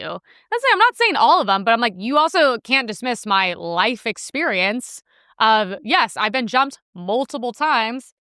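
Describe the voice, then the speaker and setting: Bright, animated sarcastic woman host. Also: a little high, clear, resonant tone, no room sound, studio quality. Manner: sarcastic, rambling with many fillers. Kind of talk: casual commentary reacting to news clips.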